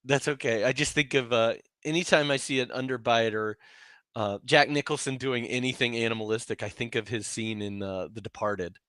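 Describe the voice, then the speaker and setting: A man in a casual movie-talk podcast, with a bright, forceful tone and a dry, close sound. He jokes around and laughs a lot as he goes. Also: medium pitch, steady tone, brisk, clean tone, no echo. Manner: laughs often, loose and joking. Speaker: podcast co-host.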